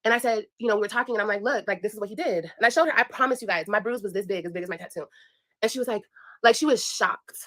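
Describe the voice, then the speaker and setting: A woman's voice: mid-range voice, fast talker, a bit bright. A young woman vlogger telling a personal story in a casual, blunt and profane way, speaking straight to her viewers. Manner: blunt, profane, emphatic, addresses viewers directly.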